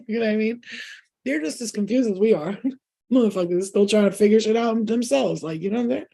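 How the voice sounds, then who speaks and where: A woman's voice: medium pitch, brisk, gravelly, dark tone. A woman hosting a spiritual channel in a casual late-night live chat from her bed, joking and swearing a lot and laughing often. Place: in bed at home.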